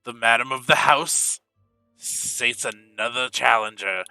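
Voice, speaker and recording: A man voicing a loud male fight club announcer in a tabletop game, with a booming announcer delivery. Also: unhurried, creaky, clean tone, no room sound, soft background music, exaggerated voice, poor audio. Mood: announcing.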